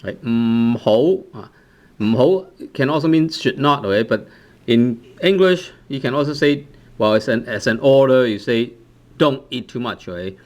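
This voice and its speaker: A man's voice: mid-range voice, animated, moderate pace, darkish tone. A man explaining grammar to learners, with frequent "uh" restarts, who checks in with "right?" after nearly every phrase. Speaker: language teacher.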